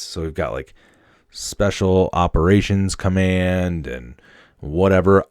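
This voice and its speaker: A man in his thirties from Wisconsin, with a faint Upper Midwest accent, hosting a casual solo podcast in a slangy, excitable, chummy way. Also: low-pitched, dry recording, clean studio sound. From Wisconsin, USA. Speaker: podcast host.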